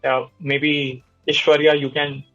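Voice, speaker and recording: A man's voice: on the high side, level tone, slow, bright, forceful tone. Man, panel moderator, hesitant filler-heavy delivery, dull video-call sound, faint music behind. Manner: hesitant, many "you know" fillers.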